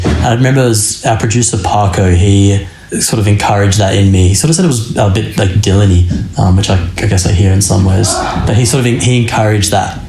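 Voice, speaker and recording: A man's voice: on the low side, a little mellow, slight background noise. A young man, a rock band's singer, talking loosely in a casual podcast chat with many fillers and restarts. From Australia. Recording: roomy echo.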